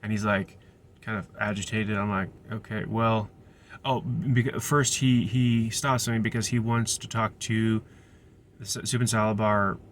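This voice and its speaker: A man's voice: fairly low pitch, steady tone, a little slow, a little hiss or hum. A young man, a restaurant server, casually telling a rambling story full of restarts and digressions.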